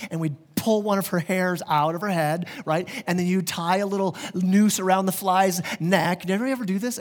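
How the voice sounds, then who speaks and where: A man preaching a sermon as pastor, animated and direct with the congregation, often stumbling and repeating words. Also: high voice. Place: church.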